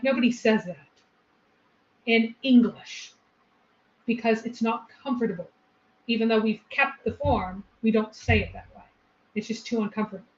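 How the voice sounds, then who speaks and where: A woman co-host explaining a point patiently and walking through examples in a casual discussion. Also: on the high side. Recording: echoey, lo-fi room recording.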